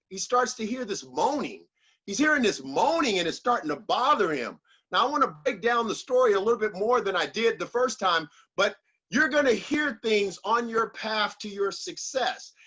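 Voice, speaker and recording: A man's voice: sits high, pushed and bright, lo-fi sound. A man giving a motivational speech in an emphatic, repetitive, preacher-like delivery. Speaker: motivational speaker.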